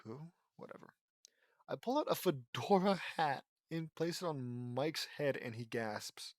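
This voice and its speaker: Male reader, slightly high voice, dry close sound, dry mocking narration with irritated asides. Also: expressive, measured pace, no room sound. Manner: sarcastic asides, frustrated commentary. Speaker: reader of fan fiction. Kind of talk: mocking audiobook reading.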